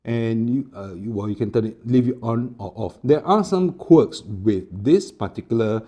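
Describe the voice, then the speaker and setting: The sound is lo-fi as a man with a mid-range voice talks at a normal speed, demoing a small wireless clip mic. This tech reviewer records the vlog at home in a room with an air conditioner, explaining casually with lots of fillers.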